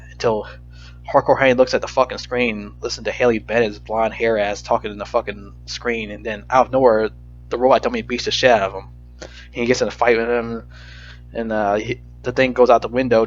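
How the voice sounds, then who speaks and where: A man rambles through a frustrated, profanity-laden movie rant at a middling pitch. The audio is slightly dull and lo-fi, with faint music playing underneath. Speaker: movie reviewer. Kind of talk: casual rant review.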